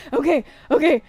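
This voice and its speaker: This VTuber's voice is high-pitched and a little mellow. In casual livestream chat she rants with lots of energy and plenty of swearing, breaking into laughter again and again.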